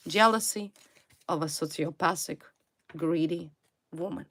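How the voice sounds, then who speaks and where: Slow, emphatic woman reading tarot. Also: deep voice, a bit bright, no room sound. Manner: emphatic, repeats single words for stress. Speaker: tarot reader. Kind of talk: tarot reading addressed to viewers.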